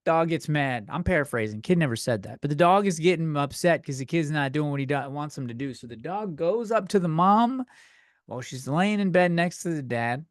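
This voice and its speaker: Young male podcast host, slightly high-pitched, rambling profane rant, dry close-mic sound. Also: lively intonation, fairly quick, dry recording. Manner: rambling, profane, self-deprecating. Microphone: desk microphone.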